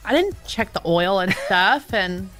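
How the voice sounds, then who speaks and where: A woman's voice: medium pitch, animated, a little slow, fairly bright tone, faint music behind. A woman co-hosting a casual radio chat, easygoing and self-deprecating. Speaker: radio co-host.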